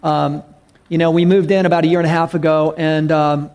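A man preaching a sermon as pastor, earnest and emphatic, rising to loud calls. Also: fairly high pitch, little pitch movement, a little fast.

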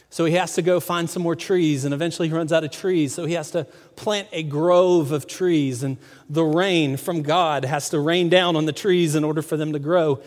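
Male pastor, fairly high voice, conversational sermon delivery with rhetorical questions, reverberant church sound. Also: darkish tone. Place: church sanctuary. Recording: long hall reverb.

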